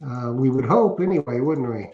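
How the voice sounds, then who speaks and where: A man's voice: medium pitch, lively intonation, normal speed. A middle-aged man co-hosting a casual livestream, reading out viewer comments and rambling through jokey stories that he laughs at himself. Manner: joking, rambling, laughs at his own stories. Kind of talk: casual chat. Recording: roomy, dull lo-fi stream audio.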